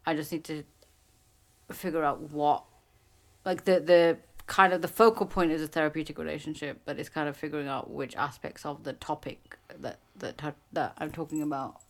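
A woman's voice: low-pitched, steady tone, normal speed. A woman in casual chat, rambling with many restarts and fillers.

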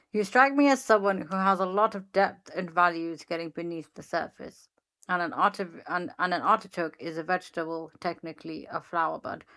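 Woman podcast cohost, lowish voice, giggly, reading stuff out loud in a casual chat. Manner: laughs often, reads chatbot answers aloud. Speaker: podcast co-host.

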